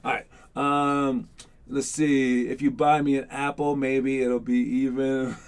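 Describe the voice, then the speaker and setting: A man running a casual live online basketball coaching session, chatty and rambling with lots of fillers, teasing and excitable. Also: medium pitch, slow, clear, resonant tone.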